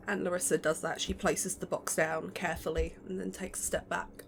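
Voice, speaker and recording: Plain-spoken woman player, low voice. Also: little pitch movement, moderate pace, creaky, a little hiss or hum. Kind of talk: playing a tabletop game.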